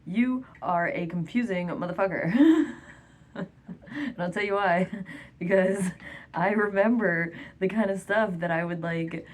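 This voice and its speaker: A woman's voice: mid-range voice, a little slow. A young woman in a nervous, rambling vlog monologue, giggling often and filling her talk with "like" and "um". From France.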